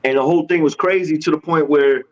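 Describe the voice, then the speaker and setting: A man tells his story in lively street slang, jumping into voices for everyone he quotes. His voice sits a touch high for a man. The recording sounds muffled and lo-fi. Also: fast talker. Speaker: guest. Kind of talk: animated storytelling. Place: podcast studio.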